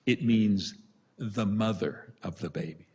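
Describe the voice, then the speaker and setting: Older priest with a husky voice. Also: male voice, lowish voice, a little slow, darkish tone. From United States. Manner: storytelling, self-deprecating humor. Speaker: priest giving a retreat talk. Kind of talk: retreat conference talk. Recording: long reverb of a large hall.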